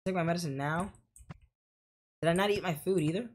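A woman's voice: on the low side, brisk, background noise. Profane woman playing horror game. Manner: profane, jokey, dramatic commentary. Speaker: gaming YouTuber. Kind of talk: horror game let's play.

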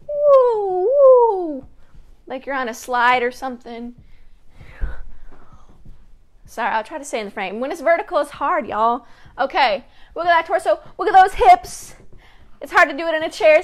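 A high-voiced woman running a children's story time from home, close to her own mic and camera. She is playful and chatty, calling out wiggles and talking straight to the young listeners. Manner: upbeat, playful, chatty, addresses kids directly. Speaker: family educator hosting story time.

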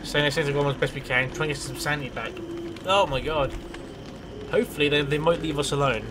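A man's voice: on the high side, fast talker, noisy background. A man giving casual gameplay commentary as a let's play host, rambling, swearing freely and talking to himself.

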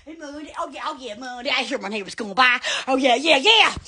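A woman's voice: high-pitched, expressive, fairly quick, a loud crowd. A woman hosting an Instagram live from home on her phone, chatting in a rambling, giggly, exclamatory way. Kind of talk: rambling live-stream chat.

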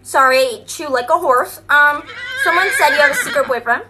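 A woman's voice: sits high, a little fast, pushed and bright, slight background noise. A young woman vlogger chatting in an upbeat, goofy way. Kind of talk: casual vlog narration. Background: background music.

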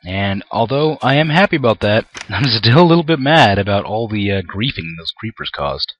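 A man's voice: lowish voice, very animated, moderate pace, fairly bright tone. A young man commenting on his own gameplay, often frustrated and ranting at the game with mild swearing. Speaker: gameplay video creator.

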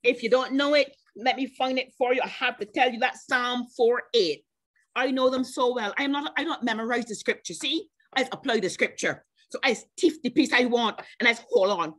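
A woman preaching a sermon at a church service, speaking personally to members of the congregation and stretching out slow scripture quotes between bursts of emphasis. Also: fairly high pitch, a bit bright. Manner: chatty, personal asides to named congregation members. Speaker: guest preacher.

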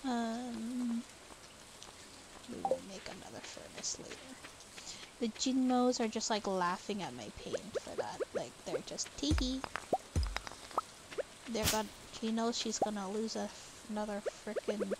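A young woman streaming a game, chatting to herself in casual commentary with sudden loud outbursts. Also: mid-range voice, lively intonation, unhurried, very noisy.

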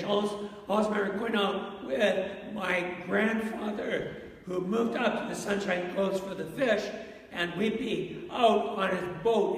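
An unhurried male pastor with a high, gravelly voice preaches an interactive sermon, telling stories and pausing to ask the congregation questions. He is recorded from a distance in a large church sanctuary, where his voice rings out with a long reverb tail.

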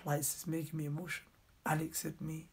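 A young male preacher speaks on a live stream in a hushed, breathy voice, earnestly pleading with his listeners. His tone stays flat and level, with a rough, gravelly edge and a very husky, airy texture. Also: on the high side, racing. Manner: earnest pleading, reading viewer comments aloud. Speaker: Islamic preacher. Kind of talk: live-stream sermon reading comments.

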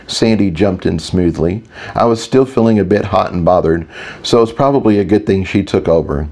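A man narrating a fantasy audiobook in the first person with a steady, even delivery. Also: deep voice, normal speed, creaky.

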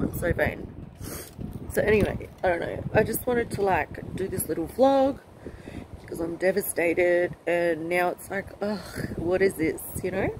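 A woman giving a personal vlog update, talking in an emotional, halting and rambling way. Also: on the low side, background noise. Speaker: vlogger. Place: outdoors with passing aircraft.

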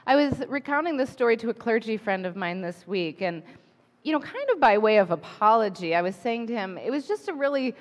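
A woman's voice: a little high, brisk. Woman pastor, forties, conversational sermon, personal storytelling, church hall reverb. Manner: personal, animated storytelling with asides and laughter. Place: church sanctuary.

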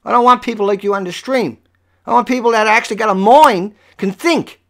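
Profane ranting livestream host. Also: brisk. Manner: profane, confrontational, swings from low muttering to yelling. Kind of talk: angry rant at viewers.

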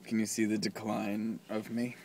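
A man with a sore, infected throat talks through a rambling comic vlog. He trades deadpan jokes and often sinks to a half-whisper. Faint noise hums behind him. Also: lowish voice, moderate pace. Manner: joking deadpan asides, drifting into whispers. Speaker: vlogger. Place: waiting outside an animal hospital.

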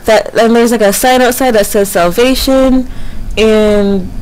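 A woman's voice: on the high side, unhurried, a little mellow, slight background noise, low-quality recording. A woman in her early twenties commentating a horror game at home, panicky and self-mocking. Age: early 20s. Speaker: gamer. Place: home, windy night outside.

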